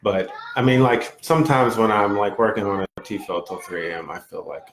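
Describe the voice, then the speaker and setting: A man's voice: fairly low pitch, brisk, echoey room, very noisy. A man talking as a podcast guest in casual chat, hesitant, with many fillers.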